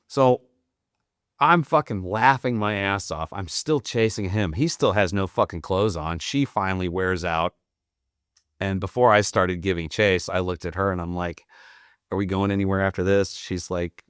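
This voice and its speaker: A man's voice: low-pitched, moderate pace, a bit bright, clear, resonant tone, no echo, clean studio sound. A young man telling rambling, profane anecdotes in casual podcast talk, laughing often. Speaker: podcast guest, Marine veteran. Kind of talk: casual storytelling.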